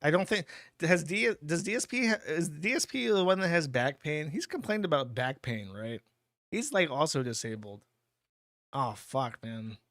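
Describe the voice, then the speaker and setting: A man's voice: on the high side, expressive, moderate pace, fairly bright tone, no room sound, clean studio sound. Crude offhand man hosting a stream. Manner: blunt, crude and offhand, laughs often. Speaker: livestream host reading donations. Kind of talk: casual streaming commentary.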